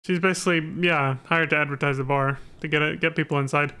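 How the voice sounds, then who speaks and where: A man's voice: fairly high pitch, fairly even intonation, quick pace, clear, resonant tone. A man streaming a video game live, giving irreverent, joking commentary with plenty of swearing. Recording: loud game music behind.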